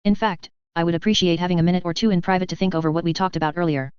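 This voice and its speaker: A woman's voice: fairly low pitch, fairly even intonation, very fast, darkish tone, smooth, no echo, highs cut off, close to an everyday voice. A woman reading the lines of a guarded, hesitant young woman in an audiobook.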